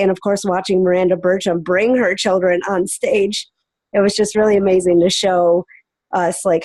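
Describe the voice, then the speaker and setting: A woman's voice: medium pitch, darkish tone, no echo. A woman sharing her takeaways in a casual update, emotional and close to tears while she washes dishes. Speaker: team member sharing takeaways. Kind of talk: casual group call update.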